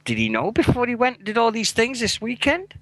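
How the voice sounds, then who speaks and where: Very high and wildly swooping, his brisk, slightly bright voice marks a blunt, emotional English radio co-host in his forties who swears often in casual chat. He has a British accent, and the recording is dry and low-quality.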